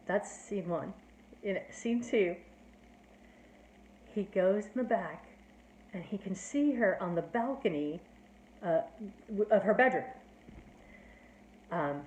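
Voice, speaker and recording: Female teacher, mid-pitched, chatty plot recap full of fillers, echoey room. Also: dark tone. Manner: chatty, filler-heavy with "like" and "you know". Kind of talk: casual plot summary. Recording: roomy echo.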